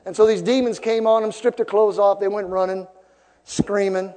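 Male preacher, high voice, emphatic sermon delivery with loud peaks, recorded in a reverberant church. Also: fairly even intonation, normal speed. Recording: long reverb of a large hall.

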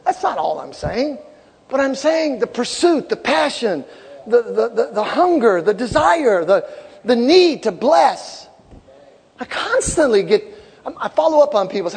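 Animated preacher in a big reverberant hall. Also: male voice, extremely high pitch, a little slow, vocal fry, long pauses, breathy edge. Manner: animated preaching, shouting peaks, repeated phrases. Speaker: pastor. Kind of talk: sermon. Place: large church sanctuary.

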